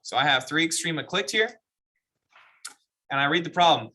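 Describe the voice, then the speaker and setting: A man's voice: a little high, animated, moderate pace, pushed and bright. A man teaching a math class, explaining step by step and asking the students questions. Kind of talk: classroom lecture.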